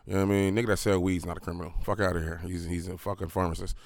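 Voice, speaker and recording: A man's voice: sits low, little pitch movement, racing, vocal fry, dry recording. A young man hosting a podcast, talking in a rambling, profane, casual way with lots of fillers and restarts. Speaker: podcast host.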